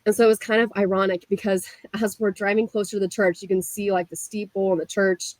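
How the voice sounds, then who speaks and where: Midwest woman, young, chatty and animated, says like a lot, dead dry mic. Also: medium pitch, fast, no room sound, poor audio. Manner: animated, frequent "like" fillers, laughs while telling. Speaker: guest. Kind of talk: casual storytelling.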